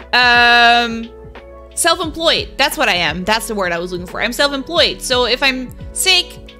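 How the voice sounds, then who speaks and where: High bright woman. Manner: chatty, giggly, reads chat aloud. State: sick with covid. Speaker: streamer. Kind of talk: casual live-stream chat.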